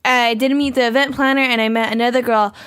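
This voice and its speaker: A young woman co-hosting a podcast, rambling excitedly through stories in casual chat. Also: on the high side, quick pace, clear, resonant tone. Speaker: podcast co-host.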